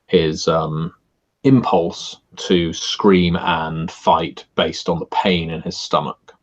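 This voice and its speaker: A man narrating a tabletop horror game as game master in a measured, descriptive way. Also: low voice, steady tone, dull audio.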